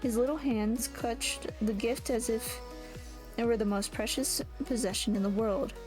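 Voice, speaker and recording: A woman's voice: a little high, measured pace, music in the background. A woman reading a first-person novel aloud, often stopping to correct and restart her words. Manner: reads with frequent restarts and self-corrections. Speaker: audiobook reader.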